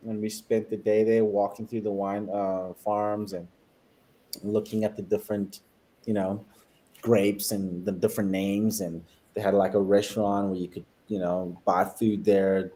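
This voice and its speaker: A man from South Africa, a guest on a travel talk show, telling animated stories and laughing often. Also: lowish voice, rough recording. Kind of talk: casual travel chat.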